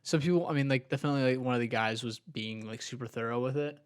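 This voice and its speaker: A young man co-hosting a podcast spins a long, meandering story, packed with filler words and countless "likes." His voice is mid-range and clean-toned, and he talks fast in this casual chat.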